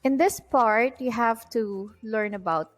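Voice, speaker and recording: A woman's voice: fairly high pitch, slow pace, faint music behind, poor audio. Woman teaching a test-prep lesson. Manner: explanatory, stresses key terms. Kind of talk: recorded lecture.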